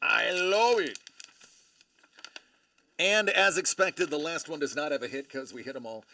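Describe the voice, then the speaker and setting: A man hosting a live stream, excitedly opening trading cards and exclaiming over each one. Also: a little high, a little fast. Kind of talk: live-stream card breaking.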